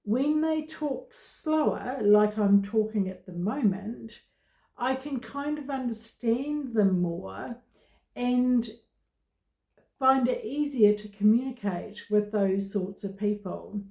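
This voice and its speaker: A woman vlogger talking to camera about her own experience, in slow, halting speech with many pauses and fillers. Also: on the high side, expressive, creaky, warm tone, reverberant. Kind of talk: casual personal talk to camera.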